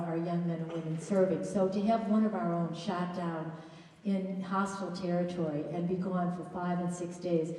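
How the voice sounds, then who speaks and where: A woman with a lowish, mellow voice gives a chatty, enthusiastic introduction, often restarting her sentences. She is heard from a distance in a large hall with a long, roomy echo. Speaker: speaker introducing a guest at a college event. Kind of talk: informal introductory speech. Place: large hall at a college event. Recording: echoey hall, voice picked up from a distance.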